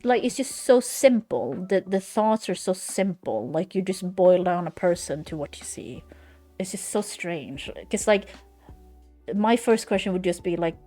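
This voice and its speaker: A woman's voice: medium pitch, warm tone. A young woman from Sweden, streaming and chatting casually in a frank, swearing, run-on way. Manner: frank, swearing, venting in loose run-on sentences. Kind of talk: casual chat. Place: home streaming setup.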